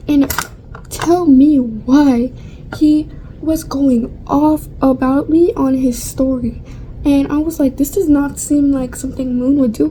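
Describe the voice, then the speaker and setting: A woman's voice: high-pitched, dark tone, slight background noise, poor audio. A young woman vlogger chatting casually through a storytime while getting ready, rambling with lots of fillers and casual swearing.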